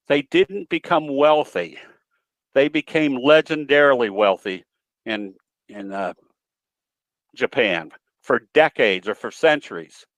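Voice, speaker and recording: A man's voice: medium pitch, a bit bright, no room sound, low-quality recording. A man giving a trading webinar presentation in a folksy, storytelling way, with some hesitations. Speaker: guest presenter, trading educator.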